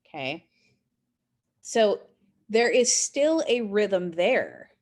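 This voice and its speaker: Woman English instructor, low voice with animated swings, casual recorded lecture with frequent check-ins. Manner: conversational, with fillers and check-in questions; reads poems aloud slowly.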